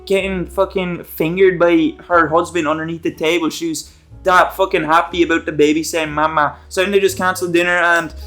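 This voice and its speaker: High-voiced young man rambling casually. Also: level tone, a little fast, pushed and bright, faint music behind. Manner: rambling, profane, with many fillers. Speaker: YouTube commentator. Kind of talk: casual recap commentary.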